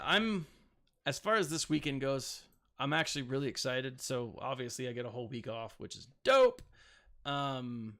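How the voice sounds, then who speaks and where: A man's voice: mid-range voice, gravelly, fairly bright tone. A man in his thirties, a gaming channel host, giving casual, rambling gameplay commentary with self-mocking asides and playful sound effects.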